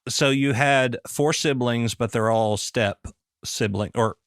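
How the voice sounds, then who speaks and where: A man with a Southern American accent hosts the chat in an easygoing way, his voice at a middle pitch. He asks plain, friendly questions, and the sound is dry and close. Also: slow pace, a bit bright, smooth, no echo. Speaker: podcast host. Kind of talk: casual interview chat.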